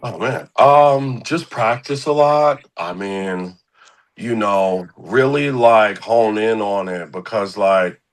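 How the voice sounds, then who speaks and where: A man's voice: on the low side, takes it slowly, low-quality recording. A young man from the Philadelphia area, a guest musician in a casual interview, rambling with slang and lots of fillers.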